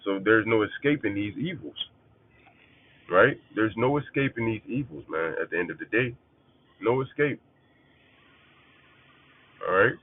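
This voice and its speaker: A preacher teaches scripture in a casual, blunt style, swearing often and hammering his points home through repetition. His voice is lowish and expressive, a little slow, with long pauses. The sound is narrow and phone-like.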